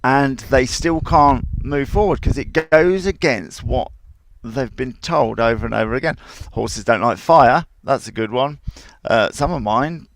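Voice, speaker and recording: A man's voice: mid-range voice, unhurried, creaky, no echo. A man who trains horses, giving casual advice with rambling, digressive anecdotes and frequent chuckles. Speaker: horse trainer and show host.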